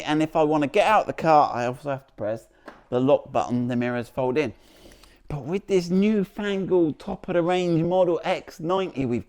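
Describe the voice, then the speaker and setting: A man's voice: a little high, a little mellow. A man presenting a car vlog outdoors beside the vehicle, chatty and jokey, rambling with restarts as he demonstrates.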